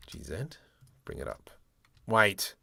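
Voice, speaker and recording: A man demonstrating 3D modeling software, thinking aloud in a playful way and muttering keyboard shortcuts and mild exclamations as he works. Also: a bass voice, lively intonation, takes it slowly, vocal fry, no room sound. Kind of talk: screen-recorded software tutorial, thinking aloud.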